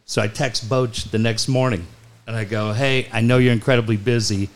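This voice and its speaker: Casual storytelling chat from a sports radio host: he lays out a long, profane tale with lots of laughter, animated, laughing through quotes and ending bits with crude punchlines. His mid-range voice moves at a normal speed.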